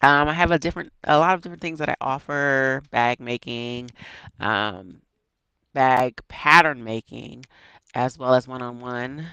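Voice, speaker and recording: A woman from Washington, D.C., a bag designer talking casually as an interview guest, relaxed with many ums. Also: rumbling low, a little slow, smooth, dry recording, highs cut off.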